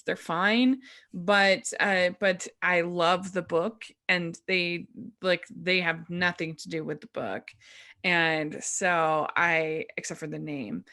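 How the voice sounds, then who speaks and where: A woman hosting a film review podcast, talking casually with plenty of fillers and restarts. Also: sits low. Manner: relaxed, halting, filler-heavy. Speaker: podcast host.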